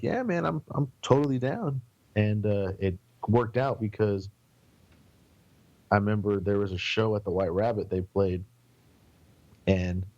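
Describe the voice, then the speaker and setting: A man's voice: lowish voice, darkish tone, dull audio. Rambling man telling tour stories. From San Antonio, Texas. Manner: rambling, swearing, acts out quoted voices. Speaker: podcast guest. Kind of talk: casual storytelling.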